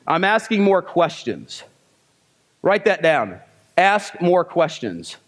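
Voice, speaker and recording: A man's voice: sits high, very animated, slow pace. A man teaching a live sales seminar. He fires off rhetorical questions and short, punchy commands from the stage. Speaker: sales trainer.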